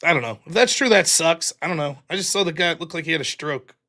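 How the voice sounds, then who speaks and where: A man with a high, bright, ringing voice hosts a casual live stream. He rambles through stories, breaks into laughter and swears freely. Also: animated, quick pace. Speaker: livestream host. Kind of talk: casual livestream chat reading chat.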